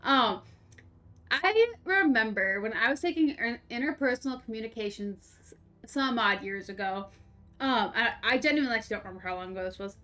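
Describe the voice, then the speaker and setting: Animated high-voiced young woman streamer. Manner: rambling, animated, laughing, swears casually. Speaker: game streamer. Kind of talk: casual storytelling while playing.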